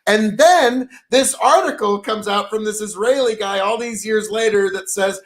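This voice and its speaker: High-voiced man telling a rambling story. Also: fairly even intonation, moderate pace, hardly any pauses. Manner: rambling storyteller, swears freely. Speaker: podcast co-host. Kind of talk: casual chat.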